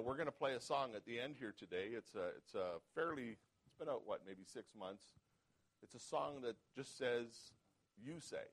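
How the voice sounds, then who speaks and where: A man preaching a sermon as pastor, reading scripture aloud and calling out "Amen?" to the congregation, swinging between quiet asides and loud emphatic passages. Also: medium pitch, rough recording.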